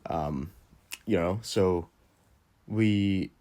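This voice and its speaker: A man's voice: sits low, drawn-out words, warm tone. A young Scottish man casually telling a story from his youth, loose and self-mocking, with frequent fillers and swearing. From Scotland. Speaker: storytelling vlogger.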